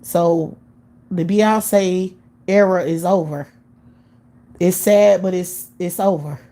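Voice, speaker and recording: A woman's voice: on the low side, fairly even intonation, slow pace, warm tone. Woman ranting bluntly, heavy cursing. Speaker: live-stream host. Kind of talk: profane casual rant.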